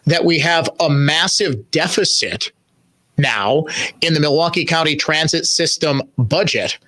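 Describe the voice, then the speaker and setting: A man's voice: on the high side, unhurried, sharp tone, no room sound. Emphatic man hosting talk radio. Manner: emphatic, repeats phrases for stress. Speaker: radio talk show host. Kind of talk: opinionated talk radio monologue.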